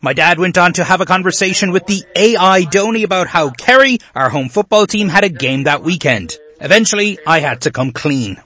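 An Irish man narrates a TV news report with a lively, animated pitch that rises and falls. His voice sits a little high for a man, and he reports clearly. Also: brisk, hardly any pauses. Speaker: TV news correspondent.

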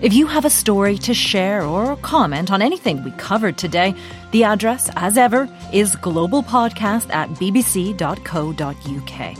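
Lively woman presenting a news podcast. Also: mid-range voice, normal speed, faint music behind. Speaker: podcast host. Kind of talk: scripted presenting.

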